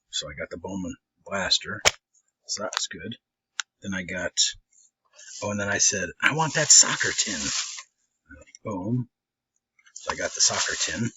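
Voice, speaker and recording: A man spins a rambling story about card hunting, keeping his voice low and easy. He laughs between lines and puts on quick voices for the people he quotes. The recording is dull and lo-fi, with a faint hiss behind him. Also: pushed and bright. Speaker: trading card collector. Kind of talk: casual storytelling vlog. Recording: slightly dull lo-fi audio with faint noise.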